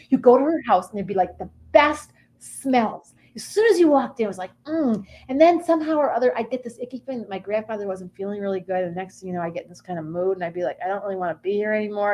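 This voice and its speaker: A woman's voice: fairly high pitch, natural voice, poor audio. A woman voicing a whiny, oversensitive woman who personifies the Cancer sign and talks in a melodramatic, self-pitying way. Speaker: comedic character performer. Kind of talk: improv comedy character.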